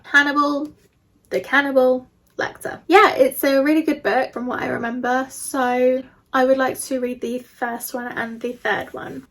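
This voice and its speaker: A young woman chatting enthusiastically in a casual book vlog, laughing between points. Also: high-pitched. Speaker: book reviewer.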